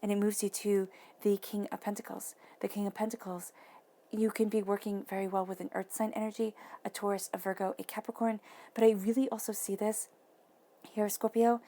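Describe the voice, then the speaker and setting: A woman giving an intuitive tarot reading to camera, enthusiastic and gushing, dropping into soft breathy whispers for emphasis. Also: medium pitch. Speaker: tarot reader.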